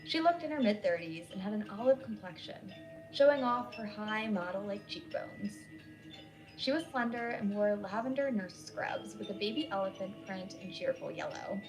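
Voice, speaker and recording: A woman storyteller giving measured, scripted narration of a spooky tale, with faint music behind. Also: medium pitch, lively intonation, low-quality recording.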